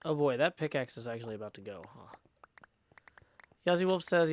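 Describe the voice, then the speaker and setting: A man with a gravelly, slightly rough voice talks through a live stream as he plays, reading out chat and thanking viewers. He hums nonsense syllables and mutters to himself between dry, offhand jokes. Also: mid-range voice, animated, brisk, pauses often, a little mellow. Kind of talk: casual livestream chat while playing.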